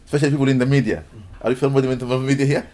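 A man's voice: medium pitch, very fast, a little hiss or hum. A man giving a sermon, reciting Arabic verses and explaining them in English, acting out little dialogues. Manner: animated, mixes Quranic Arabic recitation with English teaching, acts out dialogues. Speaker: preacher.

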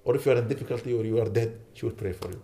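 A man's voice: mid-range voice, fairly even intonation, rapid-fire, mellow. A man giving an earnest sermon, pleading with his listeners and rising to indignant emphasis. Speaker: imam.

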